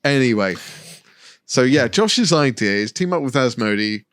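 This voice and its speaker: A man's voice: medium pitch, expressive, moderate pace, fairly bright tone. A man co-hosting a podcast in casual chat, given to teasing, sarcastic asides. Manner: laughs often, dry teasing asides. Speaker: podcast co-host.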